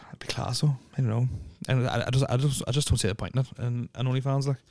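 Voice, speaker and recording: Swearing, rambling Irish podcast host. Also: male voice, medium pitch, fast talker, darkish tone, no echo, clean studio sound. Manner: rambling, swears constantly, heavy use of "like". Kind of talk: casual podcast chat. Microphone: close podcast mic.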